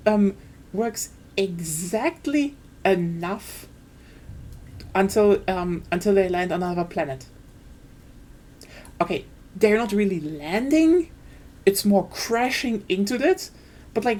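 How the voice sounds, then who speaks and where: A woman's voice: medium pitch, darkish tone. A woman streaming a game, ranting casually and enthusiastically, with frequent swearing and fillers.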